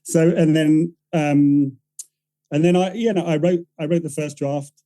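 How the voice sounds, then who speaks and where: Rambling man with a very dark voice. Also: a little high, steady tone, a little slow, rough recording. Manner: rambling, self-correcting storyteller who acts out quoted voices. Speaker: writer-director guest. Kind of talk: casual podcast interview.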